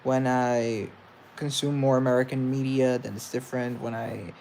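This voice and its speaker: A man's voice: medium pitch, fairly even intonation, darkish tone, a little hiss or hum. A young man with a mixed English accent chatting casually to viewers in a rambling way, often correcting himself mid-sentence. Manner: rambling, self-correcting, quick asides. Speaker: host.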